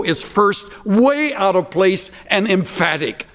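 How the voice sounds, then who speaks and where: A man preaching an expository sermon, emphatic and slowing down to stress key phrases. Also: sits high, lively intonation, a bit bright, big-room sound.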